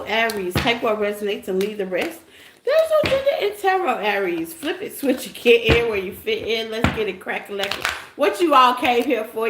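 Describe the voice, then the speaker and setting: A woman giving a casual live tarot reading, playful and teasing, laughing often and chatting with her listeners. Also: a little high. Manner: chatty, calls listeners y'all and baby. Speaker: tarot reader. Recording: echoey room with background noise.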